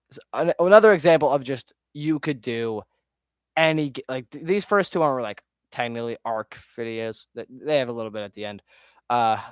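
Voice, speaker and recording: A man's voice: mid-range voice, clean tone, no room sound, studio quality. A man chatting casually on a live stream while ranking his own videos, rambling, easily sidetracked and swearing often.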